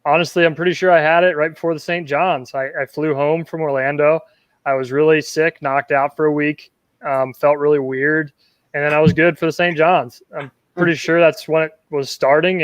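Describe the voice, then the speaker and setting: A professional angler on a podcast, talking in a relaxed, easygoing way. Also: male voice, fairly high pitch, brisk, no room sound. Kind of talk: casual podcast chat.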